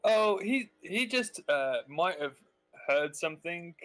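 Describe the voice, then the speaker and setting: A man's voice: high-pitched, expressive, takes it slowly, fairly bright tone, soft background music. A man playing a tabletop game who talks in a chatty way as his character. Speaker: player.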